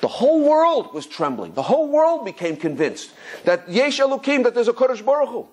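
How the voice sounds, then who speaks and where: A rabbi giving an animated Torah class, telling stories excitedly with stumbling repetitions and chuckles. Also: male voice, extremely high pitch, a little fast, husky. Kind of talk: animated Torah lesson with storytelling.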